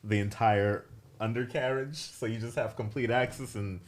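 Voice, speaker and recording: A man's voice: medium pitch, steady tone, moderate pace, crowd noise. A man co-hosting a dating advice show, asking curious, joking questions in casual chat.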